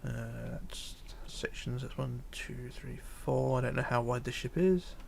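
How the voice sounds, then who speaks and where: Gravelly-voiced man chatting on a stream. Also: mid-range voice, measured pace, a little hiss or hum. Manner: reads viewer comments aloud, hesitant with fillers, mutters while counting. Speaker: livestreamer. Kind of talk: casual live stream chat while building.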